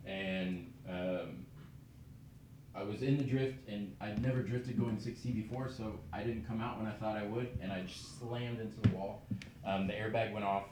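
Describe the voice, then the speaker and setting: Man giving an earnest testimony, echoey hall. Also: lowish voice. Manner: earnest, many filler ums and restarts. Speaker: speaker sharing a testimony. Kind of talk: testimony and short sermon. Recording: echoey, distant, noisy room recording.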